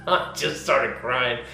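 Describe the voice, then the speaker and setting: A man, a pastor, telling his life story in a casual interview, animated and swinging between loud bursts and hushed, quiet moments. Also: mid-range voice, drawn-out words, gravelly, roomy sound, soft background music.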